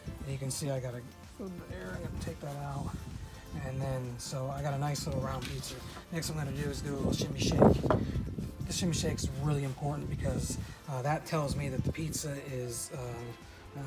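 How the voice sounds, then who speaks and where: A relaxed presenter walks through a pizza recipe outdoors at the oven, speaking at an ordinary middle pitch. The talk is loose and unscripted, with frequent "uh" fillers and repeated words. Loud music plays behind the voice throughout. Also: moderate pace, rough recording. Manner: relaxed, many "uh" fillers and restarts. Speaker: cooking demo presenter. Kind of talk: casual cooking demonstration. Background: loud background music.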